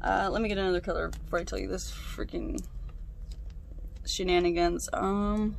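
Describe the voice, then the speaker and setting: A young woman talks casually as she works on a craft, venting at length and swearing without a second thought. Her voice carries a gravelly fry. A faint hiss sits under the recording. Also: on the low side, wildly swooping pitch, unhurried, pauses often. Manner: ranting, swears freely. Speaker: craft vlogger. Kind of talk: casual chat while crafting.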